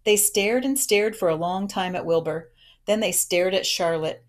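A woman narrating a children's novel aloud in a gentle, expressive storytelling manner. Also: lowish voice, normal speed.

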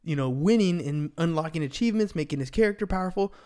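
A podcast host and sales coach in his thirties talks fast with lively intonation in a slightly high, darkish, clean-toned voice. He keeps his casual business podcast energetic and motivational, often tagging "right?" onto what he says.

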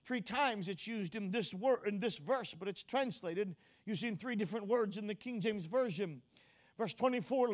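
A man with a notably high voice delivers an expository sermon. He pauses often on "uh" and corrects himself mid-word. He hammers his points home with repeated phrases. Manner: frequent "uh" fillers and self-corrections; emphatic repetition, rising to forceful declarations. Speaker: preacher.

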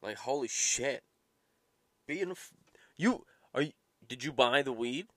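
A man's voice: mid-range voice, animated, measured pace, no echo. A young man ranting casually and profanely as a podcast host, exasperated and swearing often. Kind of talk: casual rambling rant.

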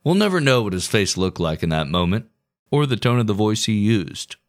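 A man's voice: on the low side, big pitch swings, a little fast. A man hosting a casual history podcast, telling the story with crude, profane jokes.

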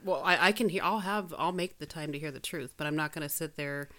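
Low-voiced woman, earnest and frank. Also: brisk, sharp tone. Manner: earnest and frank, with casual swearing. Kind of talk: casual chat, personal storytelling.

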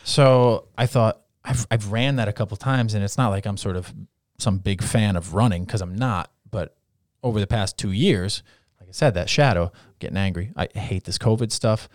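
A man in his thirties with a fairly low voice tells a story in casual chat, acting out the lines he quotes. The sound is dry and close. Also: moderate pace, hardly any pauses, no room sound.

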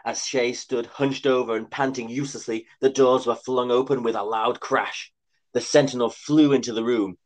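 Guy reading out his funny sci-fi story, dry and wry, mid pitch. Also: fairly even intonation, moderate pace. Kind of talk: comic scripted narration.

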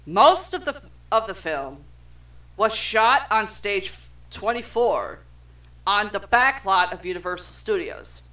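Young adult co-host, slow and bright, reads trivia with cursing and stumbles. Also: medium pitch, expressive. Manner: profane, stumbles over words while reading. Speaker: podcast co-host reading trivia. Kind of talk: casual chat reading film trivia aloud.

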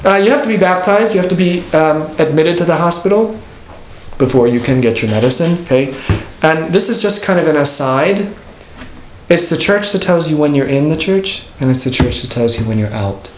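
A man's voice: on the high side, lively intonation, brisk. A man who is a pastor teaching an informal catechism class, talking conversationally, joking and acting out the people he quotes. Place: church classroom. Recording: echoey room with faint noise.

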